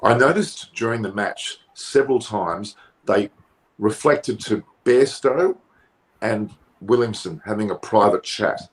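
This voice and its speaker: An Australian man with an Australian accent, a cricket pundit on a post-match panel, talking forcefully and indignantly and repeating words when heated. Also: on the low side, a little slow, low-quality recording.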